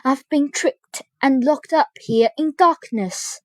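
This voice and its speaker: A woman's voice: high voice, slow, no echo. Woman playing a desperate locked-up steward. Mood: pleading. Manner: pleading.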